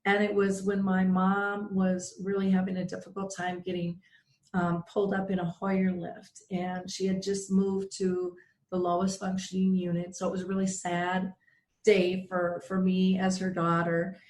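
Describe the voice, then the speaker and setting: A woman's voice: lowish voice, normal speed, echoey room, a little hiss or hum. A middle-aged woman hosting a radio show, telling a heartfelt personal story and acting out the voices of the people in it. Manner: earnest, emotional storyteller with lively quoted voices.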